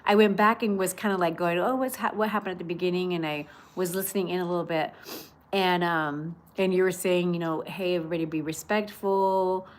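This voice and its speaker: A woman's voice: lowish voice, steady tone, brisk. A woman hosting a casual livestream from her patio, chatting and reading viewer comments aloud. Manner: chatty, warm greetings, many fillers. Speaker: livestream host. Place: outdoor patio at home.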